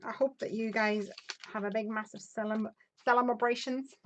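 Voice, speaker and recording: Chatty, higher-voiced Northern Irish woman. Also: steady tone, moderate pace, a bit bright, a little hiss or hum. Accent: softened Northern Irish. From Northern Ireland. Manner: chatty and upbeat, laughs often, thinks aloud while measuring. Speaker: crafting live-stream host. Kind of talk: casual live-stream chat, reading viewer comments aloud.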